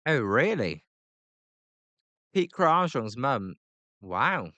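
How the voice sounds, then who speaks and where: A British man giving live play-by-play reaction to a baseball game, chatty with fillers between pitches and excited calls on big plays. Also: slow, no echo. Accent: British English. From Britain.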